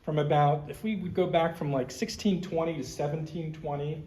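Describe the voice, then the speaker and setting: A man's voice: a little high, steady tone, normal speed, warm tone. Man lecturing in an echoey hall. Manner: conversational, explanatory, with personal asides. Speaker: museum curator giving a history talk. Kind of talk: public history lecture with slides.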